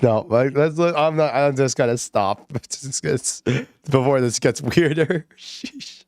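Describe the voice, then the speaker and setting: Male streamer, giggly and rambling, close and dry sound, mid-pitched voice. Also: takes it slowly, a little mellow, dry recording. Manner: giggly, rambling, many fillers. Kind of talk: casual livestream chat.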